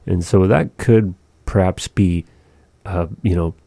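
Deep, mellow male language teacher; slow, patient, demonstrates sounds. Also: gravelly, no room sound. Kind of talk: explaining pronunciation.

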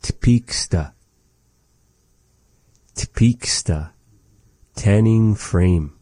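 A man giving a casual vocabulary lesson, repeating each word slowly and adding chatty, joking asides. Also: fairly low pitch, mellow, no room sound. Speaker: language teacher.

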